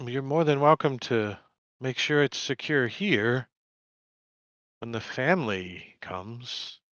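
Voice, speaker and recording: A man's voice: medium pitch, lively intonation, takes it slowly, fairly bright tone, no echo. A man voicing Prudence, a polite, hospitable woman, in a courteous, reassuring manner. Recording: dull, dry home mic.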